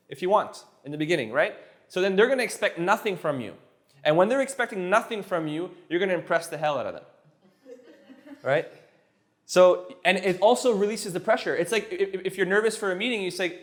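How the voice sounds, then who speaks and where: A man with a slightly raised voice tutors a student in a relaxed session. He breaks phrases down and repeats them patiently, slowing right down to drill each word. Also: high-pitched. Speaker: language teacher.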